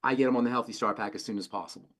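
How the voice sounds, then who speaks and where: A man's voice: medium pitch, rapid-fire, fairly bright tone. A man working as a pharmacist, answering health questions in an emphatic way and repeating phrases for stress. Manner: emphatic, repeats phrases, tells folksy stories. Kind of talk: call-in health talk.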